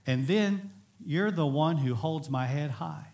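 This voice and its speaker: A man preaching a sermon in an earnest, emphatic way, sometimes swelling to near-shouts. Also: fairly high pitch, a little slow. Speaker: pastor.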